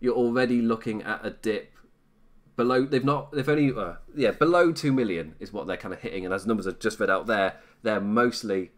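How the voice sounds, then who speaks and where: A man's voice: on the low side, fairly quick. A British man hosting a live stream, commenting casually in a rambling, self-mocking way and laughing often.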